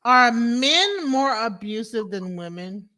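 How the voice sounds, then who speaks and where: A woman's voice: on the high side, big pitch swings, takes it slowly, sharp tone. A woman co-hosting a livestream in casual chat, laughing and asking teasing questions. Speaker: co-host.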